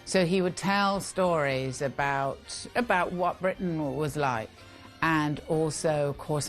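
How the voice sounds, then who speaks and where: A woman giving thoughtful, amused commentary in a documentary interview. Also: deep voice.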